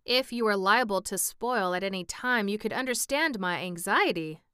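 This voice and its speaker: A woman's voice: mid-range voice, animated, moderate pace, pushed and bright, clear, resonant tone, no echo, studio quality. A woman reading the part of an anxious, fretful male pumpkin-headed man in an audiobook, in a plaintive, raised voice.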